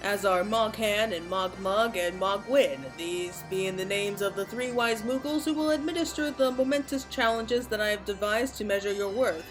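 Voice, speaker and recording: A woman's voice: medium pitch, normal speed, hardly any pauses, music in the background, lightly acted. A woman voicing a big, pompous male Moogle chieftain in a game, reading his lines in a stately, old-fashioned way. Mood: haughty. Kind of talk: reading game dialogue aloud.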